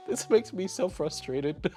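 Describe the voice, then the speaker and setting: A man's voice: sits high, a little mellow. Sarcastic young man ranting. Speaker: YouTube commentator. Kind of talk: comedic reaction commentary.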